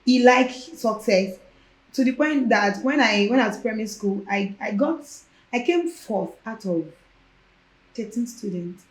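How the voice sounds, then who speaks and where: Animated Nigerian woman telling her story, roomy sound. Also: on the high side, measured pace, slight background noise. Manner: animated, acts out quoted dialogue. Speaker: guest. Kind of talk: casual personal storytelling. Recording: roomy echo.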